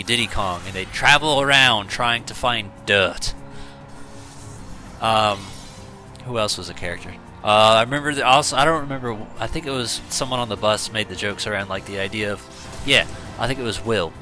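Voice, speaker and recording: A man's voice: fairly low pitch, moderate pace, sharp tone, faint music behind. A man casually telling rambling stories with lots of fillers while playing a video game. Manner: rambling, storytelling, many fillers. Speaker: gaming YouTuber. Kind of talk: casual let's-play commentary.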